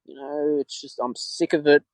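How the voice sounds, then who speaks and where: A man's voice: on the high side, fairly even intonation, moderate pace, darkish tone, dry recording, poor audio. An Australian man hosting a podcast alone, rambling in frustration and repeating himself. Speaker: podcast host. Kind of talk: solo opinion talk.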